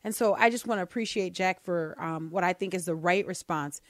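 A woman's voice: lowish voice, fairly quick, no echo. Female talk radio co-host, casual and emphatic, dry studio mic. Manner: emphatic, repeats words when worked up.

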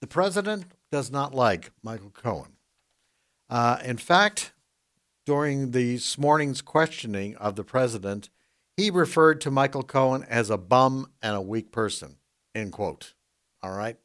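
A man hosting a political talk radio show, delivering the news in a measured way and laughing often. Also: mid-range voice, lively intonation, fairly bright tone.

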